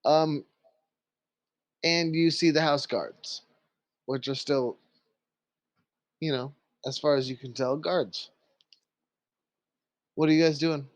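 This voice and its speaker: A man's voice: fairly high pitch, no echo. A man narrating a tabletop game as game master, telling the scene in a crude, joking way. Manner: crude, laughing, drawn-out storytelling.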